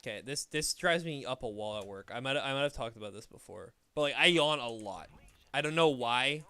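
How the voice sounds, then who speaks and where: A young man streaming a game and chatting casually, rambling and swearing as he tells animated stories. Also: mid-range voice, fairly quick, clean tone. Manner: rambling, profane, animated storytelling. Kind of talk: casual gaming chat.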